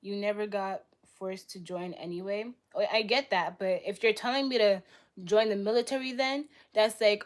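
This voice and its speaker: Blunt young woman arguing on a livestream. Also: medium pitch. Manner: blunt, argumentative, rapid-fire retorts. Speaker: livestream host. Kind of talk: live stream debate reading chat.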